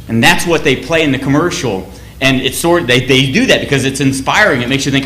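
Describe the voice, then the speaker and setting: A man's voice: fairly high pitch, a little fast, fairly bright tone, echoey room. A man giving a sermon in a conversational, anecdotal way, often restarting his phrases. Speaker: church speaker.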